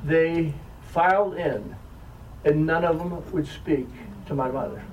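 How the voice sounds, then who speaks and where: An older Southern man, speaking as an author, tells wry, self-deprecating stories to an audience in a humorous storytelling style. His voice sits on the high side and moves slowly. The mic is distant, with faint room noise behind him.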